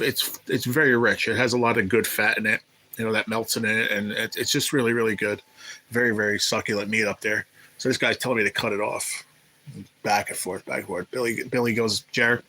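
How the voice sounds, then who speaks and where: Male streamer and ex-cook, lowish bright voice, loose profane storyteller. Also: low-quality recording. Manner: rambling, profane, reads chat aloud. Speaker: livestream host; former restaurant cook. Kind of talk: casual live chat storytelling.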